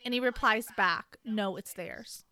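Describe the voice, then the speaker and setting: A woman's voice: medium pitch, a little slow, pushed and bright. A woman casually recapping a book on a podcast, playfully acting out characters' lines with sarcasm and the odd swear word. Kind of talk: casual chat.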